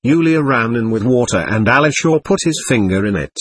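A man narrating a classic novel aloud in expressive storytelling. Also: medium pitch, a little fast, hardly any pauses, breathy edge, dry recording. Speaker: audiobook narrator. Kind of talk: scripted narration.

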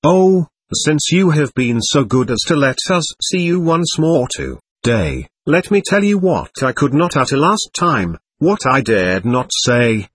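A man's voice: mid-range voice, slightly rough, no room sound. A male narrator voicing an anxious, effusive middle-aged mother who pleads fervently, in an audiobook. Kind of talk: audiobook character reading.

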